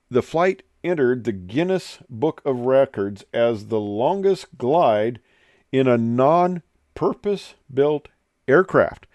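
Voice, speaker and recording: A man's voice: mid-range voice, darkish tone, no echo. A man, an airline pilot, telling an aviation story in a casual, rambling way with many hesitations.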